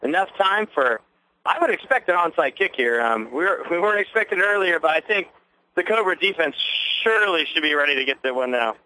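A man's voice: on the high side, expressive, a little fast, sharp tone, slight background noise, low-quality recording. A man giving color commentary on a local radio broadcast of a ball game, easygoing and analytical as he breaks down the plays.

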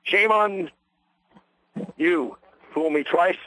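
A man calls the game on local radio in a bright, forceful voice that sits a little high. He rambles in a folksy way and speeds up on big plays, his voice worn from a long night. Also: very slow, no echo, rough recording. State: losing his voice. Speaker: play-by-play announcer. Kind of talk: local radio sports commentary.

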